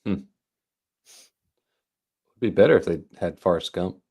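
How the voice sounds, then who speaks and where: A man's voice: sits low, a little slow, vocal fry, a little mellow. A man chatting on a comedy podcast with short, dry replies. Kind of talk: casual comedic chat.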